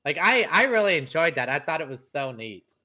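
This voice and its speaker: A young man co-hosting a casual podcast, talking fast and animatedly with lots of fillers. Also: a little high, very animated, pushed and bright. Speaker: podcast co-host. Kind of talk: casual chat.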